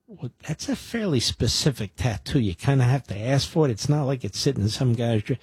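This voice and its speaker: A man's voice: mid-range voice, normal speed, a little mellow, breathy edge, no echo, studio quality. A man in his sixties from the Philadelphia area, hosting a combative talk radio show with a sarcastic, mocking delivery. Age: 60s. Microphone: studio microphone.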